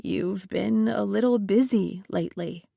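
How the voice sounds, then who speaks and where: Woman voicing a soft-spoken anxious social worker. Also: mid-range voice, unhurried, creaky, dry recording, clean studio sound. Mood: placating. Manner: soft, hedging and placating.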